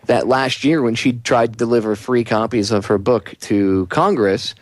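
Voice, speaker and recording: Brisk man hosting talk radio. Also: mid-range voice. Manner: brisk, addresses listeners directly. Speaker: radio host.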